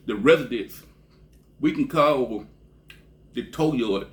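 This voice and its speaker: A man from Texas spins a loose, cursing story straight to camera. His pitch sits at an ordinary middle height, and he keeps tagging phrases with a low, dropped "man." The talk is relaxed and conversational. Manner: profane, rambling, ends phrases with a drawn-out low "man". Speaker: vlogger. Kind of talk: casual storytelling monologue.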